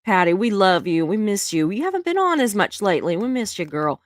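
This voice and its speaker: A woman's voice: mid-range voice, big pitch swings, fairly quick, no echo. A middle-aged woman, hosting a casual livestream and reading viewer comments in a chatty, emotional way with frequent laughs. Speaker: live stream host reading viewer comments. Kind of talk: casual chat.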